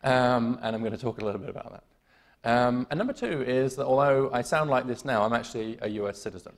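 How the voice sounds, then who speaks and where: British keynote speaker, man, gravelly timbre, dry self-mocking wit, talks through ums. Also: medium pitch, fast. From United Kingdom. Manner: wry, self-deprecating humor with many fillers and restarts. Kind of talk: conference keynote talk. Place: conference hall.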